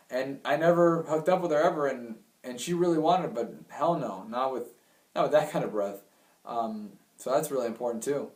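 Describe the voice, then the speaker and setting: A man's voice: mid-range voice, darkish tone. A young man giving blunt, crude dating advice in a chatty way. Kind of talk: casual advice talk. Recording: roomy sound, mic at a distance.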